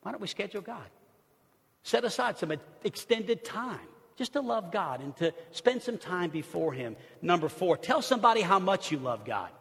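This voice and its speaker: Husky-voiced male pastor in echoing hall. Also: sits high, sing-song, normal speed. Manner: conversational preaching, lists points, acts out quotes. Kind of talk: sermon. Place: church sanctuary. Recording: long reverb of a large hall.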